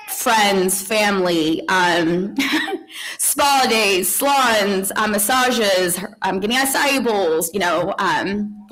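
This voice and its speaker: A woman in her forties, a grieving mother giving a eulogy at a funeral home, halting with soft laughs, sighs and restarts. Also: mid-range voice, low-quality recording.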